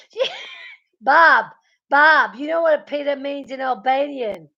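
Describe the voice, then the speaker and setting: Brief: high-voiced woman, slow and giggly live stream host, muffled lo-fi audio. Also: vocal fry, sharp tone. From Melbourne, Australia. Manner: giggly, teasing, talks to chatters by name. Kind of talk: casual live stream chat, reading viewer comments.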